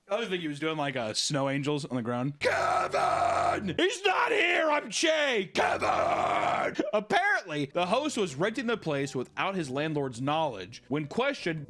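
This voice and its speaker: A man's voice: on the high side, fairly bright tone. A man hosting a casual commentary show, reading a story aloud and joking and laughing between lines. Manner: joking, laughs often, reads then riffs. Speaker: commentary host.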